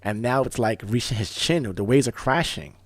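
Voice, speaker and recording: A man hosting a talk radio show, telling stories in a casual, animated way, often restarting words. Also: medium pitch, dry recording. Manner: animated storyteller, fast bursts, repeats and restarts words. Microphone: studio microphone.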